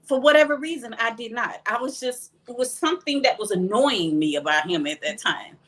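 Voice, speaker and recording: A woman's voice: fairly high pitch, animated, brisk, a bit bright. A woman from Texas, a podcast guest, telling a personal story candidly and plainly, voicing what others said along the way. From Texas, USA.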